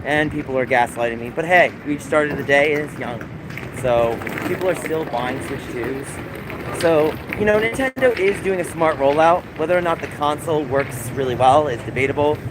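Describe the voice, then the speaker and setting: A man's voice: on the high side, normal speed. A man livestreaming outdoors, talking in a rambling, casual way to his chat. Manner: rambling, repetitive calling out to passersby. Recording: street noise and passing traffic.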